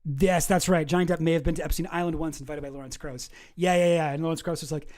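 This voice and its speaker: A man's voice: a little high, steady tone, fast talker, hardly any pauses, darkish tone. Sarcastic man reacting to files. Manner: sarcastic, wry. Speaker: online commentary host. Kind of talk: casual commentary reading documents.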